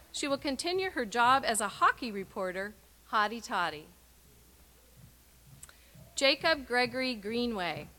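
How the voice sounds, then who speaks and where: A woman reading out graduates' names and short personal messages at a university graduation ceremony, with clear, measured announcing and emphatic sign-offs. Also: high-pitched, sharp tone.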